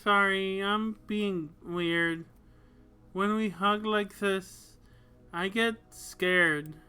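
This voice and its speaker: A bashful young woman who yearns to be held, as a man puts her on. She speaks in a slow, soft, pleading way, pitched a little above his usual voice. The tone stays bright and clear. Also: steady tone, heavily acted. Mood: anxious. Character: shy, lonely young woman craving closeness.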